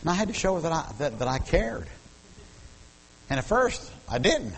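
Animated middle-aged male preacher. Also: fairly high pitch, normal speed, breathy edge, low-quality recording. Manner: animated, repeats words while building up, folksy humor. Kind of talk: sermon with personal storytelling.

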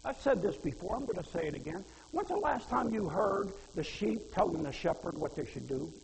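A man's voice: high-pitched, very animated, fairly quick, vocal fry. A man preaching a sermon in a folksy way, asking the congregation questions and quoting scripture. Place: church hall. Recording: reverberant hall.

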